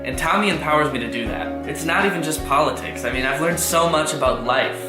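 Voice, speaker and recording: A man's voice: a little high, a little fast, echoey room, over loud music, natural voice. A young man playing an earnest fan in a parody testimonial ad.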